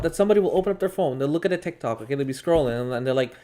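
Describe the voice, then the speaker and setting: Guy on a gaming stream, mid-pitched, swears a lot, laughs through his rants. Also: animated, very fast, dark tone. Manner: profane, laughing, rambling storyteller. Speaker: gaming channel co-host. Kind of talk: casual chat over gameplay.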